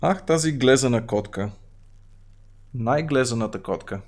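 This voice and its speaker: A man with a Bulgarian accent streaming a game, reading its text aloud and adding quick, half-joking asides. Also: mid-range voice, lively intonation, a little mellow. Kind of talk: live gameplay commentary, reading game text.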